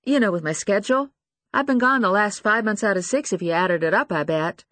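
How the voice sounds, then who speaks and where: Man doing a young woman pilot, high and shaky, sheepish, dry close sound. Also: a little fast, pushed and bright, dry recording. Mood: nervous. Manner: nervous, sheepish. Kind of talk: audiobook character voice.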